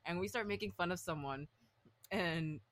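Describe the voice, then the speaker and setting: A woman in her twenties co-hosting a podcast, telling a story in casual chat, animated and full of fillers, swearing freely. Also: fairly low pitch, moderate pace. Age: 20s. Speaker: podcast co-host.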